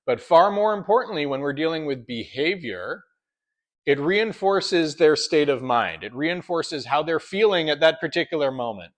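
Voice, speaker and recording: A man's voice: a little high, expressive, moderate pace. A man who trains dogs, explaining his methods in an instructional talk and often checking in with "right?". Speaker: dog trainer.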